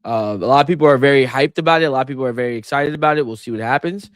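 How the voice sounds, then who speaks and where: A man co-hosting a casual sports chat, talking in an animated, exasperated way with big swings in pitch. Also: rapid-fire, clean tone, no room sound. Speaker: co-host.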